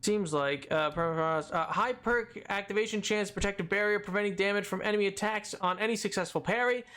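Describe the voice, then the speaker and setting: A man's voice: high-pitched, fairly quick, sharp tone, clear, resonant tone. A man streaming a video game, rambling and joking, amused by his own remarks. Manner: rambling, jokey, self-amused. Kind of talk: casual gameplay commentary.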